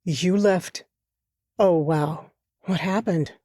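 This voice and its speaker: A gentle young man, played by a woman reading aloud, reassuring and soft in manner. He speaks slowly and quietly, slightly lower than her own voice. The recording is dry and close. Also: dry recording. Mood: surprised. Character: gentle, caring young man named Liam.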